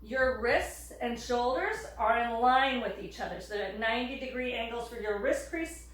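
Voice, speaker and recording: A woman instructor calmly cueing breaths and yoga poses while demonstrating, a little out of breath. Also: sits high. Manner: calm cueing of breath and poses, occasional laughs. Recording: very echoey room, distant mic.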